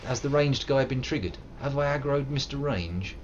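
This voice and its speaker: English guy in his 30s streaming a game, goofy and rambly, lively swings in pitch, bit lo-fi. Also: moderate pace, slight background noise. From England. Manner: playful, rambling, bursts into silly put-on voices. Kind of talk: live gameplay commentary.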